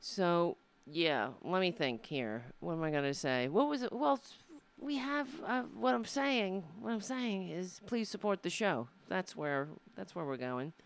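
A woman's voice: on the low side, lively intonation, unhurried, few pauses, smooth. A woman comedian from hosting her own show, talking in a rambling, profane, sardonic way into a desk microphone. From Brooklyn, USA. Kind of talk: casual live-stream monologue.

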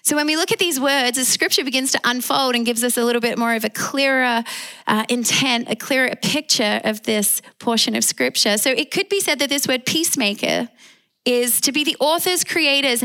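Woman, Australian accent, sermon, emphatic, calls for amens, higher pitch. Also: moderate pace. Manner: warm, emphatic preaching with call-and-response amens. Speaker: preacher.

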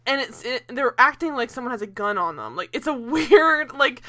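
A young woman casually chatting as a podcast co-host, animated and laughing, rambling with fillers and the odd swear word. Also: on the high side, moderate pace. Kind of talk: casual chat.

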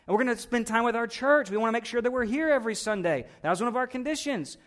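A male pastor preaching with a high voice for a man. His sermon is conversational and animated, moving between teaching and storytelling. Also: fast.

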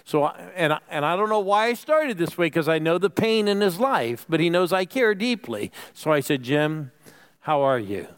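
A pastor with a higher-pitched, clear, resonant voice preaches a sermon with great energy at a moderate pace, very animated throughout. He calls on the congregation to answer back and sometimes drops to a whisper for emphasis.

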